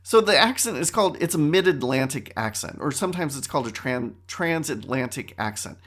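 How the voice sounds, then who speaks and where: A middle-aged man hosting a casual solo podcast, talking in an animated, wry way that often interrupts itself. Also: mid-range voice, brisk, faint music behind. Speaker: podcast host.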